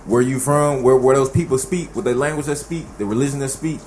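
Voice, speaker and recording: A man from Dallas, hosting a casual podcast chat, telling stories in an animated, slangy way. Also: medium pitch, brisk, slight background noise. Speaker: host.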